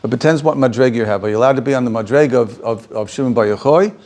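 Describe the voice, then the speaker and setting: A man's voice: medium pitch, very fast, darkish tone. A man, a rabbi, giving an informal Torah class, often restarting phrases and repeating himself. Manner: repeats himself, restarts, chuckles, acts out quotes.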